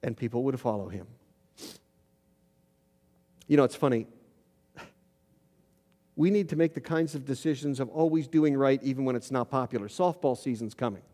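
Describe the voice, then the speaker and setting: A man's voice: mid-range voice, moderate pace, pauses often. A middle-aged man preaching a sermon as pastor, telling stories and rising in volume to stress his points. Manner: storytelling, rising loud for emphasis. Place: church sanctuary. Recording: long hall reverb.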